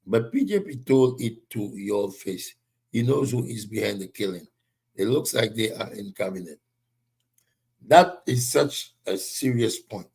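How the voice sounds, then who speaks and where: A man with a husky, slightly rough voice hosts a live-streamed political talk. He speaks heatedly and with emphasis, stopping now and then to greet viewers by name. His pitch sits in an ordinary middle range. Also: darkish tone. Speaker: political commentary show host.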